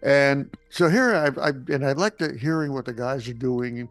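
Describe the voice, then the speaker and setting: A man in his seventies, a veteran radio newsman, telling lively anecdotes and acting out the voices in them. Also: mid-range voice, moderate pace, dry recording. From Connecticut. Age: 70s. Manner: animated, acts out voices in his stories. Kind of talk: storytelling anecdotes.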